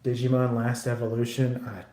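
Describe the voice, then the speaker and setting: A man's voice: medium pitch, completely flat delivery, moderate pace, dark tone, reverberant. A man livestreaming while he builds a model kit, chatting casually in a rambling, profane way with lots of restarts.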